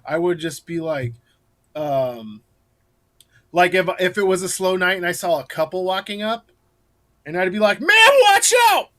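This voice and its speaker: A man's voice: high voice, normal speed, long pauses, a bit bright. A man, a guest on an interview, telling stories in a loose, rambling way with lots of restarts and laughter. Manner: rambling storyteller, many fillers and restarts, laughs while telling. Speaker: guest scare actor. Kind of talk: casual interview chat.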